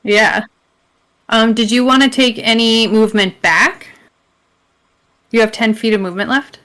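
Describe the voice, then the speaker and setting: A woman's voice: a little high, a bit bright. A woman narrating as game master, casual and chatty. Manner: casual, chatty, quick to laugh.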